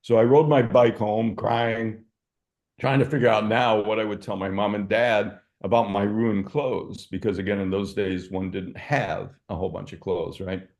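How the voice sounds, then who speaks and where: A man's voice: lowish voice, fairly even intonation, normal speed, darkish tone. An older man from Michigan, a guest in an interview, telling reflective stories with frequent fillers. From Michigan, USA. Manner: reflective, anecdotal, with verbal fillers. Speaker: guest, entrepreneur. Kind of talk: storytelling interview.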